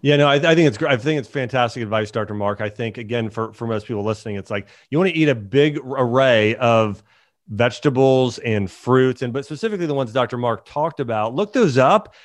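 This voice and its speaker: A man's voice: medium pitch, fairly quick, no room sound. Enthusiastic male podcast host, dry sound. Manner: enthusiastic, encouraging listeners. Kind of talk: podcast interview.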